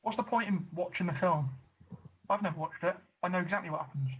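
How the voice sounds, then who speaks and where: A man co-hosting a casual comedy podcast, telling rambling deadpan jokes with plenty of fillers. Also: sits high, quick pace, breathy edge, poor audio. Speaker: podcast co-host.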